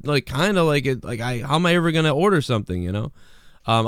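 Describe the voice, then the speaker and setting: A man riffs loosely on a video as host, swearing often and rambling. His pitch swings widely from phrase to phrase, and the sound is dry and close. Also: animated, fast talker, dry recording. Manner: rambling, swears a lot, mocking shouted impressions. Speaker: show host reacting to a video. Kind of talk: casual profane commentary.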